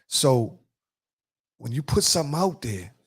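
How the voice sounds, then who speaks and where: A man's voice: mid-range voice, very animated, a little slow, husky. A man hosting a podcast in a casual chat, telling loose, profane stories and acting out quotes. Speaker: podcast host.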